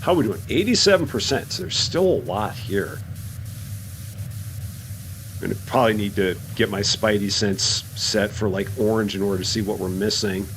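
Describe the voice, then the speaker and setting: A man casually commenting to his chat while playing a video game, musing aloud and rising in pitch when surprised. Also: normal speed, a little hiss or hum. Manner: chatty, talks to himself and chat, animated rises in pitch. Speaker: streamer.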